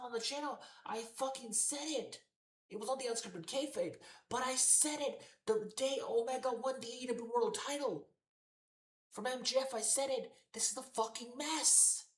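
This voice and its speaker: In an echoey room, a high-voiced woman reviewing a wrestling show delivers an exasperated rant at a moderate pace. She swears nonstop and keeps repeating herself.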